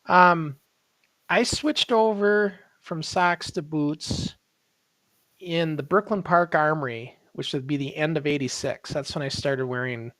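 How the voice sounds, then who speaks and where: A man's voice: on the high side, a little slow, no room sound. A man who once wrestled, hosting a casual chat and reminiscing about old shows. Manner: reminiscing, relaxed. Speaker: host, former wrestler.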